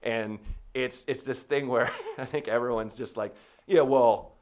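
A man, a comedian, chatting casually and telling rambling, animated stories with lots of restarts. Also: medium pitch, normal speed. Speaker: comedian guest. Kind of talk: casual podcast chat.

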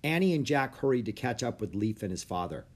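A man narrating a children's storybook aloud, expressive and animated. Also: medium pitch, a little fast.

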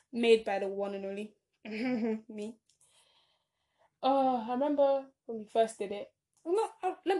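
Teen girl vlogger, rambling chatter, bright higher voice, theatrical stresses. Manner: rambling, chatty, self-interrupting with many "like"s; dramatic bursts of emphasis. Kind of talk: casual chat.

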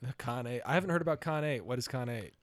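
A man co-hosting a podcast in casual chat, easygoing and chuckling, with quick reactions. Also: medium pitch, no echo. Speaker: podcast co-host.

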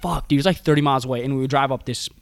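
A man's voice: medium pitch, racing, creaky, no room sound. A young man telling a long, profane, rambling story in casual chat, laughing often.

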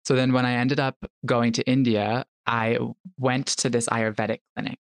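Give me an animated young man telling a personal story on a podcast, mid-pitched, in a dry, close room with no echo. He acts out the voices of people in his story. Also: normal speed, smooth. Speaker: podcast guest. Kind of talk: casual storytelling conversation.

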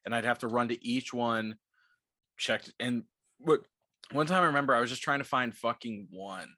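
Bright, dry-voiced man swearing through stories. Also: medium pitch, normal speed, dry recording. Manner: rambling, swears a lot, laughs while telling stories. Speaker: podcast co-host. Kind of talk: casual chat.

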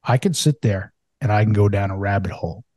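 A man's voice: fairly low pitch, brisk, darkish tone, dry recording, clean studio sound. A man talking candidly in a casual podcast conversation, swearing freely and using lots of fillers. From United States. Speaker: podcast guest.

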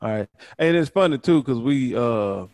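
A man hosting a casual podcast chat, talking quickly and excitedly, often repeating words as he goes. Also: medium pitch, no room sound. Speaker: podcast host.

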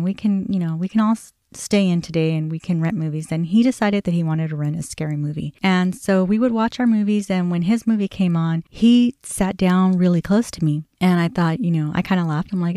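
A woman in her forties tells a personal family story on her own podcast, speaking in a low, mellow voice. She talks candidly and conversationally, full of "you know" asides, and acts out the dialogue she recalls. The recording is close and dry. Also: moderate pace, no room sound. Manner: many "you know" fillers. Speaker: podcast host.

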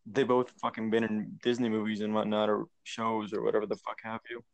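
A man's voice: on the low side, monotone, fairly quick, vocal fry, no echo. A young man co-hosting a casual podcast chat, blunt and swearing a lot. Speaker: podcast co-host.

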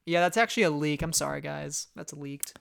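Podcast co-host, casual fan recap, animated, rambling fillers, smooth clear voice, dry close sound. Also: mid-range voice, a little fast, no echo. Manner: animated, rambling with frequent "you know" and "like".

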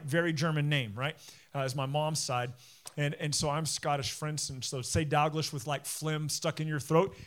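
A man's voice: fairly high pitch, a bit bright. A man preaching a sermon as pastor, conversational and digressive, with joking asides and explanations of word meanings.

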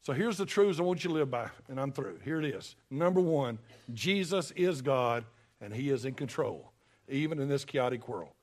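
A man preaching a sermon, folksy and emphatic, with sudden loud bursts. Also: mid-range voice, expressive, normal speed. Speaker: pastor.

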